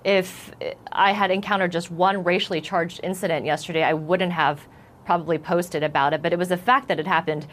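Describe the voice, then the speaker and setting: A shaken woman from the United States giving an earnest, halting account in a TV news interview. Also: on the low side, steady tone. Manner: earnest, halting with repeated starts. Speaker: news correspondent.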